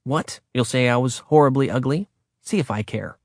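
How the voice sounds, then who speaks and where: A man's voice: medium pitch, normal speed, darkish tone, no echo, studio quality, lightly acted. A man reading an audiobook, voicing a defiant young woman from Earth who teases and insists. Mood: teasing. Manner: teasing, confident.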